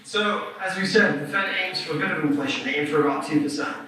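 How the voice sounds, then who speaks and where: A man's voice: fairly high pitch, quick pace, bright, forceful tone, a little hiss or hum. A man presenting at a live seminar, explaining casually with lots of ums and rights. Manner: casual, filler-heavy explaining. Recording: echoey hall from far off.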